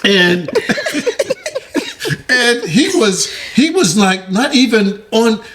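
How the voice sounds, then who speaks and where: A man telling a story in a casual, animated way. His pitch swings up and down as he acts out what people said, and he laughs often. A steady hiss of noise sits under the recording. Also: drawn-out words. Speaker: guest. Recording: noisy background.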